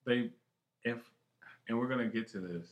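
A man co-hosting a podcast, chatting excitedly with lots of swearing, jumping from one thought to the next. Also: mid-range voice, normal speed. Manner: excitable, heavy swearing, jumps between thoughts. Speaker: podcast co-host. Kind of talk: casual chat. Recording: roomy echo.

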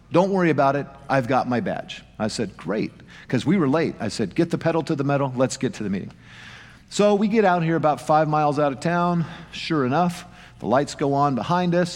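Brief: male pastor, mid-pitched, folksy anecdotal preaching with long hall reverb. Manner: folksy storytelling with self-deprecating humor. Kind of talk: anecdotal sermon.

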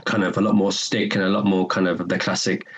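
A man's voice: sits low, level tone, brisk, gravelly, a little hiss or hum, rough recording. A young man with a North London accent, a podcast guest chatting casually in an earnest, rambling way with many repeated words. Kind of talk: casual conversation.

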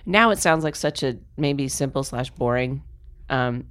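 Low-voiced woman, animated storyteller. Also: measured pace. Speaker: guest actress. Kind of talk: casual chat.

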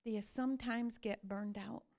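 A woman preaching a sermon, telling stories with energy and then sinking to soft whispers. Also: a little high, moderate pace. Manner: animated storytelling that sinks to soft whispers.

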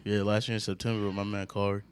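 A young man guesting on a podcast, relaxed, slangy and self-deprecating. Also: on the low side, quick pace, slight background noise. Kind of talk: casual chat.

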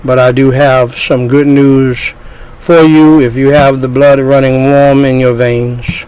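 A man preaching an evangelistic sermon, slow and deliberate, drawing out his phrases. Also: medium pitch, flat delivery, darkish tone, clean tone, poor audio.

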